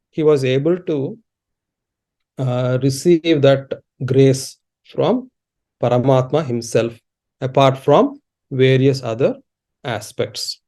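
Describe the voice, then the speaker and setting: A man giving an online spiritual lecture as a teacher, explaining in a measured, unhurried way with pauses, over a video call. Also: medium pitch, darkish tone. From India. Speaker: teacher of Sanskrit and dharma.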